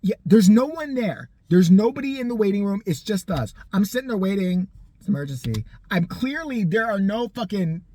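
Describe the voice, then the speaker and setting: Husky, lively casual storyteller. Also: mid-range voice, moderate pace, dry recording. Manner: animated, profane, sarcastic, acts out the people in the story. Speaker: storytime vlogger.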